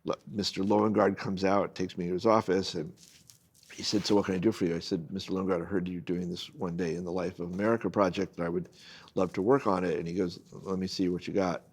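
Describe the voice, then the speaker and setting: A man's voice: deep voice, fast, breathy edge. An older man, a guest photojournalist, telling a long personal anecdote in casual conversation and acting out the people in it. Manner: animated anecdote-telling, acts out quoted people.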